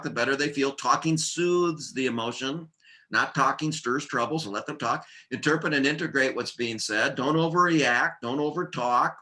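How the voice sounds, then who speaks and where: A man presenting a workplace training seminar, talking in a lively, joking way and punching out short lists of points. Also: medium pitch. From United States.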